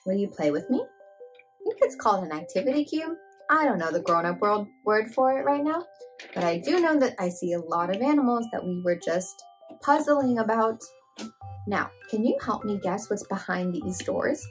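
A woman hosting a children's show, talking gently and slowly to toddlers and singing nursery songs as she plays. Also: medium pitch, lively intonation, faint music behind. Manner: gentle, slow, sing-song, talks to the child directly.

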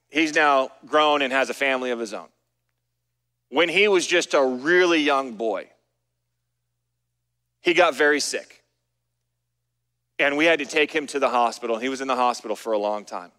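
Earnest middle-aged pastor preaching in a hall. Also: male voice, mid-range voice, measured pace, pauses often. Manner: earnest storytelling, dropping to soft, hushed delivery in emotional moments. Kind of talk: sermon. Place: church sanctuary. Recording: long reverb of a church hall.

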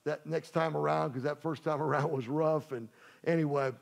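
A man preaching in a church sanctuary, telling jokes and talking to his congregation as if chatting with friends. His voice sits a little high for a man and has a gravelly edge. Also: fairly even intonation, moderate pace. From Louisiana. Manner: folksy, joking, conversational preaching. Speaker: pastor. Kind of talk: sermon.

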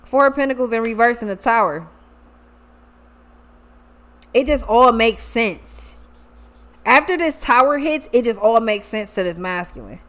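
A woman's voice: a little high, measured pace, pauses often. A woman giving a casual tarot reading, talking animatedly with lots of slang and swearing, often acting out what people might say. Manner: animated, profane, acts out quoted people. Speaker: tarot reader.

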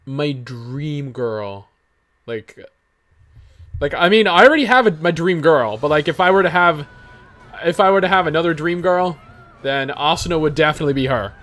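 A man hosting a gameplay video, talking in casual, excitable commentary and swearing freely. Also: a little high, no echo. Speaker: gaming video host.

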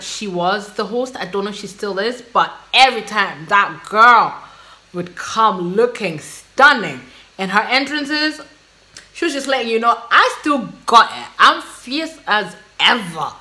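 A woman hosting a reaction video, gushing and excitable in casual commentary. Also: mid-range voice, moderate pace. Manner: gushing, excitable, exclaiming and laughing.

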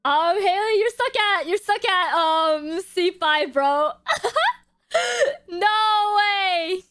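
A young woman streaming her game pulls, excitable, gasping and shrieking as she reacts to her chat. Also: very high-pitched, very slow, no echo, studio quality. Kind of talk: live-stream gacha reactions.

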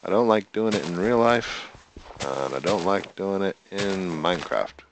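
Low, gravelly man, unhurried let's-play host who mutters to himself while playing. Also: background noise. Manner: chatty, talks to himself and counts aloud; talks to the in-game animals. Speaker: gameplay video host. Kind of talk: casual gameplay commentary.

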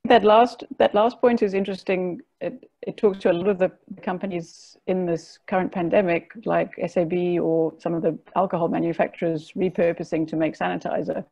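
Woman panelist, flat gravelly delivery, dark tone, lo-fi call audio. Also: fairly low pitch, a little fast, hardly any pauses. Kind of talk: online panel discussion.

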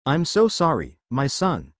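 A man's voice: a little high, huge pitch swings, unhurried, dry recording, studio quality. A man reading as a tender, remorseful father god. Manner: soft, tender and apologetic. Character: grieving ancient male god, gentle loving father. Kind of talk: fan fiction story reading.

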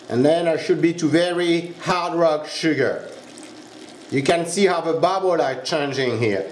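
A man's voice: a little high, roomy sound, slight background noise. A man with a French accent, a pastry chef giving a step-by-step cooking demonstration in a kitchen. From France. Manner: instructive, step-by-step, checks in with "huh?".

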